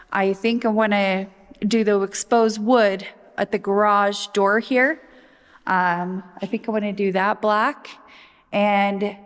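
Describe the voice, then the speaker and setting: Woman, casual vlog chat, enthusiastic, bare echoing shop, long reverb. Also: medium pitch. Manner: chatty and enthusiastic. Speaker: vlogger. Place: unfinished shop building.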